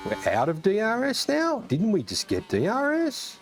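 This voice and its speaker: A man with an Australian accent commentating casually as he plays a racing game, excitable, swearing often and calling everyone mate. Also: high voice, moderate pace, a little hiss or hum. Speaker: gaming streamer. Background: game music and engine sounds.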